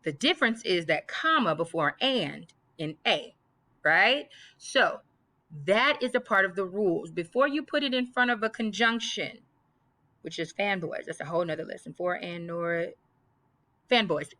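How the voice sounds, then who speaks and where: A woman's voice: mid-range voice, expressive, moderate pace, pushed and bright. A woman teaching a grammar lesson, emphatic and reading example sentences aloud. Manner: emphatic, repeats list items aloud.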